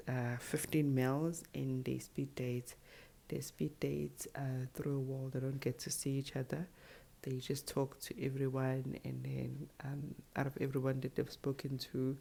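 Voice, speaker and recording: A woman giving a casual, chatty recap of a show's cast, tossing in quick sassy asides. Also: very deep voice, vocal fry, mellow. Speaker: reality show commentator. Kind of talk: casual show recap to camera.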